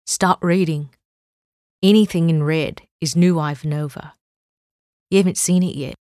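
A woman's voice: low voice, steady tone, unhurried, a little mellow, dry recording, studio quality. A woman playing a brash, cocky older man. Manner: blunt, cocky, swearing. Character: brash, crude older man, fit and sunburnt.

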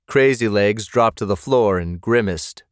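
A man reading scripted narration for an audiobook at a measured pace. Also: on the low side, dry recording, studio quality.

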